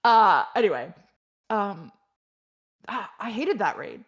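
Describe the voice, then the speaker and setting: Lively, animated woman guest. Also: mid-range voice, takes it slowly, slightly rough, dull audio. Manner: animated storyteller, laughs often, swears casually. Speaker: podcast guest. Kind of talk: casual chat.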